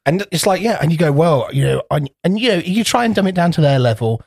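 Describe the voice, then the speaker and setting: A man's voice: on the high side, lively intonation, fast, vocal fry, darkish tone, husky, no room sound, studio quality. A man co-hosting a casual podcast chat, swearing freely and acting out kids' voices in rambling stories. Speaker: podcast co-host.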